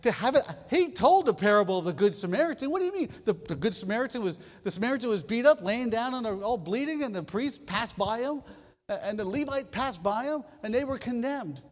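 A man with a fairly high voice delivers a sermon from the pulpit. He tells stories with animated emphasis and repeats short lines for effect. His voice rings with the long reverb of a large church hall. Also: brisk. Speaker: pastor.

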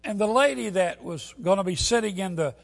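A man preaching a sermon, telling a story and building to loud, emphatic peaks. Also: high voice, a little fast, vocal fry.

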